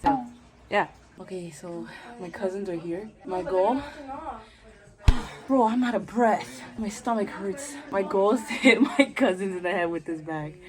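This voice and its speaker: Slow-talking playful young woman vlogger. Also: mid-range voice, a crowd in the background. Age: 20s. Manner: playful, slangy, laughing. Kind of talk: casual vlog chat. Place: family home at Christmas. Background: background music.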